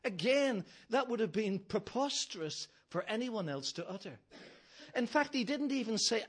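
Husky-voiced preacher. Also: male voice, high-pitched, lively intonation, normal speed. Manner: emphatic, builds with repeated phrases, gentle humour. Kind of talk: sermon.

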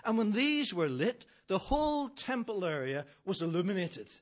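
Preacher, man, higher voice with a husky edge, emphatic and building through repetition. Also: big pitch swings, moderate pace. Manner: emphatic, builds with repeated phrases, gentle humour. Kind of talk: sermon.

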